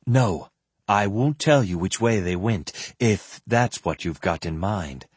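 A man's voice: on the low side, lively intonation, slow pace, a little mellow, husky, no room sound, exaggerated voice. A man reading the part of a firm, shrewd female mystic, lifting his voice slightly.

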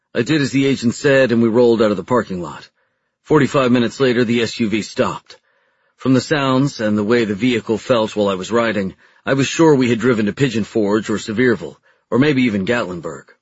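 A man's voice: medium pitch, fairly quick, husky, no echo, dull audio. A man narrating a first-person audiobook in a plain, matter-of-fact way.

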